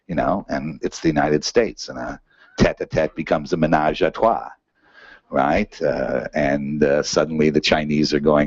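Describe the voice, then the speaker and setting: A man's voice: extremely low pitch, fairly even intonation, moderate pace, breathy edge, no echo. A man giving a conversational academic seminar talk, full of fillers and "right?" checks. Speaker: seminar speaker. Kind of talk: academic lecture. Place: seminar room. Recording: dull muffled lecture recording.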